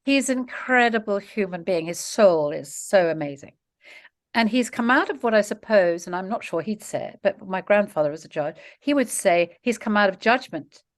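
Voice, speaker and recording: A middle-aged woman being interviewed, talking in long run-on stretches and laughing often. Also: mid-range voice. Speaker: interview guest, author and mediator. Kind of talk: conversational interview.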